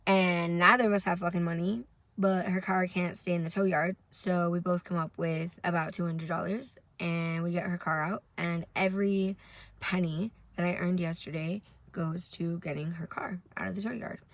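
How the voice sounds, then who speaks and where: Tired woman, low voice, dry sound. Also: fairly even intonation, moderate pace, no echo. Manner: rambling, profane, candid storytelling. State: tired from little sleep. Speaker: vlogger. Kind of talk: casual storytime vlog.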